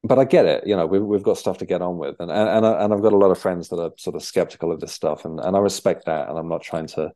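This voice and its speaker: A young man, a podcast guest, telling his story in a halting conversational way with many restarts. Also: sits low, mellow. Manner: halting, with frequent restarts and fillers.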